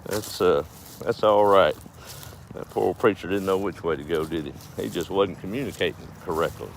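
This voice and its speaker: A man's voice: low-pitched, normal speed, a little hiss or hum. A man telling folksy farm stories on a casual livestream, chuckling as he rambles. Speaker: farm vlogger.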